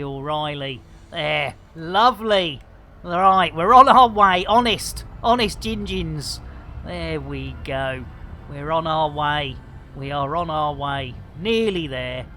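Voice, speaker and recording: A man's voice: on the high side, sharp tone. Jokey British man streaming a game. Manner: jokey, punning, rambling banter. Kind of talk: casual live-stream commentary.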